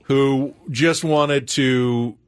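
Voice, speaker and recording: Man, radio co-host, thoughtful, casual chat, mid pitch. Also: steady tone, extremely slow, clean tone. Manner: thoughtful, reasoning aloud. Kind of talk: casual morning radio banter.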